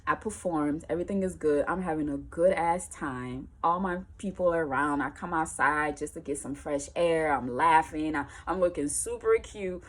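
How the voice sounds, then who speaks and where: A woman musician telling a personal story in a casual, colloquial way, lively and acting out the voices of the people in it. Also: low voice, moderate pace, few pauses. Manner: animated, colloquial, acts out quoted voices.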